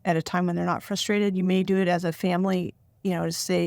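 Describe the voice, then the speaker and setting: A woman's voice: lowish voice, flat delivery, quick pace, vocal fry, hardly any pauses, darkish tone, no room sound, studio quality. A middle-aged woman talking casually to parents with advice, often acting out short lines a parent or child might say. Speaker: parenting podcast host and child therapist.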